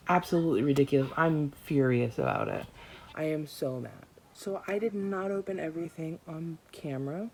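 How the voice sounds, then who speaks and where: A woman's voice: deep voice, dark tone, a little hiss or hum. A young adult woman from the United States ranting in an exasperated, emphatic way in a casual book vlog at home. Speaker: book vlogger.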